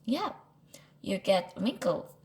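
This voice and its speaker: A woman voicing a sharp, bossy little girl who teases her big brother in a matter-of-fact way, read aloud from a storybook. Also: mid-range voice, sing-song, slow pace. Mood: knowing.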